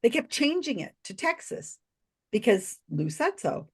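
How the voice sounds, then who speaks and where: A woman guest on a podcast, telling a story expressively with many restarts and asides. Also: husky. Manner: expressive, swings pitch widely when recounting others; talks in quick restarts and asides. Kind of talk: animated storytelling in a casual interview.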